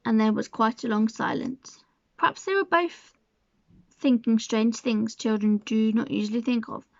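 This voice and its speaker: Gravelly woman reading a children's classic. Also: a little high, normal speed, dry recording. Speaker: storybook reader. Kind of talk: storybook reading. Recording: dull lo-fi sound.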